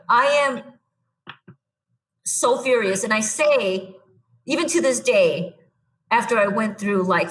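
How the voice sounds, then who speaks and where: A young adult woman, a podcast guest, telling her own story in a blunt, animated way and acting out what she said back then. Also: medium pitch. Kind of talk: casual storytelling.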